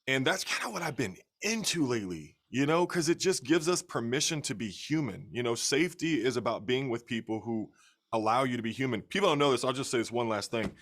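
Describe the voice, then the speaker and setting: A man hosting his channel, talking earnestly and warmly with a friend on a video call. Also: medium pitch, expressive, fairly quick. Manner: earnest, heartfelt, jokey. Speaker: channel host. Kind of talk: casual conversation.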